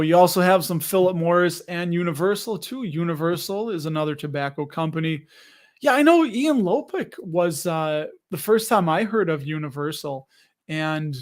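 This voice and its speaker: An American man hosting a live investing stream, chatting loosely and reading viewer comments aloud. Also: high voice. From United States. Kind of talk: casual live-stream chat.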